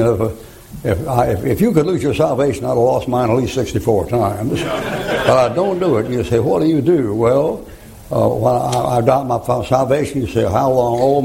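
Gravelly folksy preacher. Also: male voice, mid-range voice, dark tone, rough recording. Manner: folksy, joking, laughs at own stories. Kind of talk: folksy sermon.

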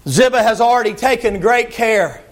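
A man preaching with a very high voice, piling up vivid words in long repetitive lists. He tells the story dramatically and often breaks into shouts. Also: moderate pace. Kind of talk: sermon.

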